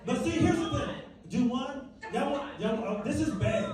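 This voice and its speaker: A man doing a stand-up set on a club stage, bantering with the audience, swinging between loud bursts and low mutters. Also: expressive, moderate pace, music in the background. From Virginia. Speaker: stand-up comedian. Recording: echoey club recording from far off, loud crowd. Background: audience laughter.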